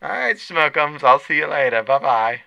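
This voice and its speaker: A man putting on the voice of a doting, flirty middle-aged lunch lady, high and sugary. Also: very animated, moderate pace, creaky, pushed and bright, dry recording, exaggerated voice. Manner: sugary, fawning, teasing.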